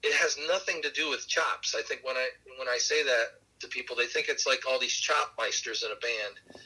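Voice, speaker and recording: A musician being interviewed on a podcast, telling relaxed stories with many fillers and light laughs. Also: male voice, medium pitch, normal speed, husky, rough recording. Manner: warm anecdotal, laughs along, many fillers. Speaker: musician guest.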